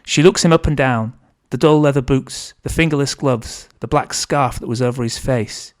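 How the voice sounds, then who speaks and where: Male author reading his book aloud, steady even storytelling, middle pitch. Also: normal speed.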